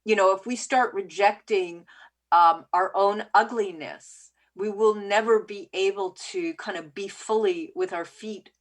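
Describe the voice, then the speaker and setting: A woman's voice: medium pitch, measured pace. A woman with a Canadian accent hosting a casual interview, talking in a rambling way. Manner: rambling, lots of fillers. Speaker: podcast host.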